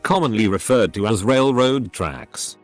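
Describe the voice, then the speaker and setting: Low, lively synthetic male narrator. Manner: synthetic text-to-speech read with odd phrasing and pauses. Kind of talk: scripted narration of online posts. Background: faint background music.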